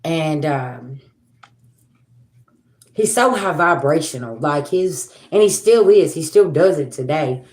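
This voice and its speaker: A woman's voice: deep voice, lively intonation, slow, long pauses, a little mellow, roomy sound. A woman, hosting a casual tarot livestream and talking bluntly to viewers, swearing freely and with sass. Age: 40s. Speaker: tarot reader and livestream host.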